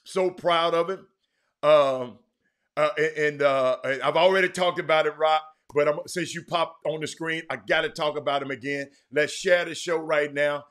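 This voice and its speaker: Male livestream host, casual and rambling, slightly high voice, lots of restarts. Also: normal speed. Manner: loose, rambling, animated with many restarts. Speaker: talk show host. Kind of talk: casual livestream sports talk.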